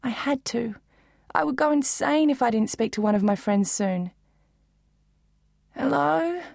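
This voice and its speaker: A woman narrating a children's book in first person, lively and expressive. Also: a little high, moderate pace, gravelly, no echo, studio quality. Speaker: audiobook narrator.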